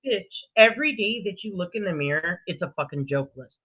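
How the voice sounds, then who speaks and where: A woman's voice: on the low side, animated, brisk. A woman co-hosting a livestream, talking in a crude and combative way. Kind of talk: casual ranting livestream chat. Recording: tinny phone-like call audio.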